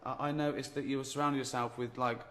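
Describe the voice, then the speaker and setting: A man's voice: medium pitch, level tone, fast, a bit bright. Male comic host, dry and sarcastic; office with long reverb. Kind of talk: comedy sketch presenting.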